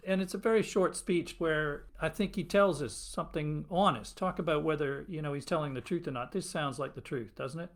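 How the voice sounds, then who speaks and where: A man's voice: on the high side, fairly quick, few pauses. A man hosting a podcast and leading an in-depth discussion in an engaged, enthusiastic manner. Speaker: podcast host.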